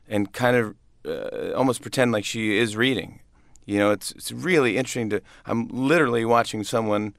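A man's voice: lowish voice, fairly bright tone, no room sound, studio quality. Cheerful rambling man in an interview. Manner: rambling, upbeat, many restarts and laughs. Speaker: comedian guest. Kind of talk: casual interview chat.

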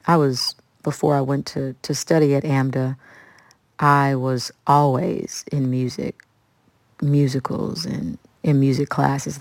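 A woman in her thirties from Kansas City, an interview guest telling stories in an animated, conversational way. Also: very deep voice, gravelly, dry recording. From Kansas City, USA. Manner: animated storyteller, acts out quoted voices.

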